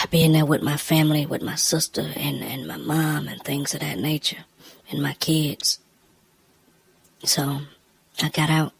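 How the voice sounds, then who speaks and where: A woman telling a personal story, emotional and close to tears, in a halting, hushed voice that often drops near a whisper. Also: low-pitched, creaky, slightly rough, rough recording.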